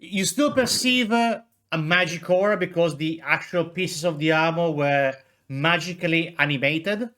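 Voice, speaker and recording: A man's voice: a little high, normal speed, a bit bright. A man running a tabletop game as game master, hesitant and full of fillers while he explains the rules.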